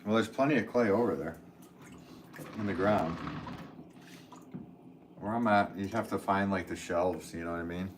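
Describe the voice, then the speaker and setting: A man's voice: low-pitched, normal speed, long pauses, noisy background. A man live-streaming from his pottery studio, chatting casually with viewers and answering their comments while he works clay.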